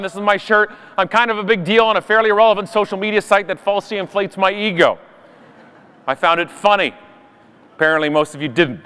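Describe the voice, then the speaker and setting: A man's voice: high voice, pushed and bright, clean tone. A man giving a comedic, sarcastic keynote talk at a conference, telling stories with punchy timing. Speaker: conference speaker. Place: large conference hall. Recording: live hall reverb.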